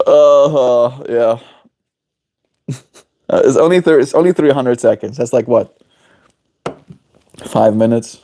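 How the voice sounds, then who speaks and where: A man's voice: medium pitch, takes it slowly, long pauses, mellow, slight background noise. A man chatting casually on his daily livestream, rambling and playful as he answers his chat. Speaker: daily streamer.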